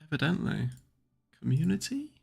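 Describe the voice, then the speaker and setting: A man's voice: on the high side, sing-song, normal speed, gravelly, a little mellow, husky. A young man hosting a trading livestream. He chats casually, swears, and jokes while answering viewers' questions. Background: faint music.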